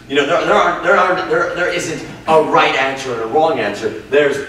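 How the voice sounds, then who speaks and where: A man, an improv teacher, talking in a casual interview, animated, laughing often and swearing freely. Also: on the high side, a little fast, hardly any pauses. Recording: echoey room from a distant mic with noise.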